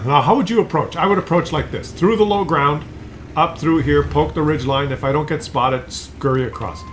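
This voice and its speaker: A man's voice: on the high side, moderate pace, a bit bright, a little hiss or hum. A man giving casual, chatty commentary on a tank game replay, teasing the player and chuckling with viewers.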